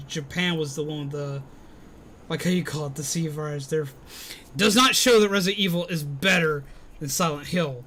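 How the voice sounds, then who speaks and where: A man's voice: fairly high pitch, fairly bright tone, a little hiss or hum. A man in casual live-stream chat, answering viewer comments while recovering from illness. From Alabama, US.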